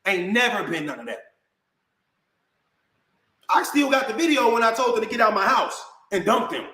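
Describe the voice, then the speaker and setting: A man's voice: sits high, very animated, moderate pace, sharp tone. Indignant man ranting in an echoey room. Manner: indignant, repetitive, addresses viewers as bro. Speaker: vlogger. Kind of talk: heated rant to camera.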